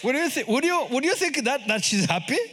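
A man preaching as a guest missionary, animated, repeating his words and acting out the voices of the people he talks about. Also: extremely high pitch, fairly quick, husky. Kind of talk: lively sermon.

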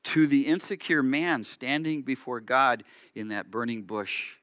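A male rabbi preaches a sermon, explaining as he tells the story and acting out its quotes. His voice is forceful and tense. The sound is close and dry. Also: medium pitch, a little slow, dry recording.

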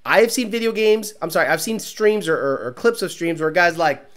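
A man's voice: high-pitched, brisk, fairly bright tone. A man hosting a car show stream, reading viewer comments aloud and ranting in a mocking, profane, casual way. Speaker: car show host reading live chat.

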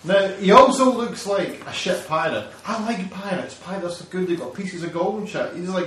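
Podcast host, sweary animated rant, slightly high voice, very echoey room. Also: male voice, a little fast, few pauses. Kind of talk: casual ranting chat. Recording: echoey room, distant mic.

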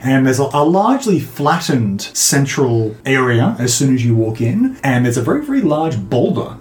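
A game master narrating a tabletop game, slowing down for descriptive passages. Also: mid-range voice, very animated, darkish tone. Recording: roomy echo.

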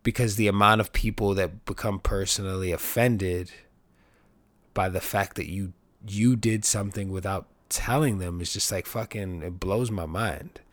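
A man's voice: deep voice, moderate pace, no room sound. A man hosting a podcast, talking in a casual, rambling monologue full of swearing, with his voice jumping up when he acts out other people. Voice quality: profane, rambling, animated when quoting others. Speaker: podcast host.

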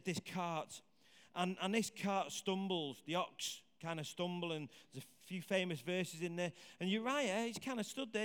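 A man preaching a sermon in a conversational, animated way, asking the congregation questions. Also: sits high. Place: church hall with congregation. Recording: hall reverb.

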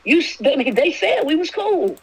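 A woman's voice: high-pitched, sing-song, normal speed, low-quality recording. A woman giving a preaching-style faith talk, emphatic, repeating key phrases and speaking prayers aloud.

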